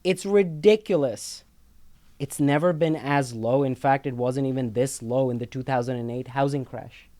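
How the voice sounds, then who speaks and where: A man's voice: mid-range voice, normal speed, warm tone, no echo. A man co-hosting a casual talk show, explaining finances emphatically, repeating words and checking in with "okay?" a lot.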